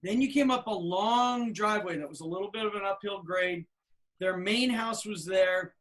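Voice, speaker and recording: A man in his fifties, a podcast co-host, telling anecdotes in a casual, animated way with plenty of fillers. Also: high-pitched, normal speed. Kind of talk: casual storytelling chat.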